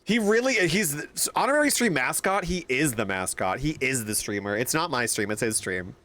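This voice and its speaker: A man streaming a game live, chatting casually with loud, excitable outbursts. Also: medium pitch, normal speed. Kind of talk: casual live-stream chat over gameplay.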